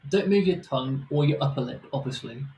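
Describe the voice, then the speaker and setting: A man co-hosting a livestream, trading quick jokes in casual chat. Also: medium pitch, lively intonation, dark tone. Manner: joking, rapid banter. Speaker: livestream co-host.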